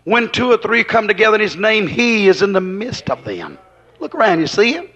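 A man preaching a fervent sermon, emphatic and repetitive, swinging between loud exclamations and hushed asides. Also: high voice, very animated, a little fast. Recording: dull lo-fi recording.

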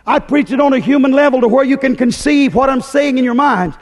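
A high-pitched male preacher delivers a fiery, folksy sermon, raising his voice and shouting. His words ring out with a long reverb, as in a big hall. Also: a little fast.

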